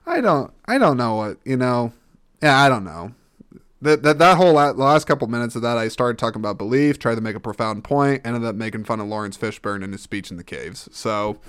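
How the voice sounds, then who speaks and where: A man's voice: mid-range voice, animated, fairly quick, fairly bright tone, dry recording, studio quality. A man hosting a solo podcast, rambling and thinking aloud, often stopping and restarting. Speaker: podcast host. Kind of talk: casual solo podcast talk.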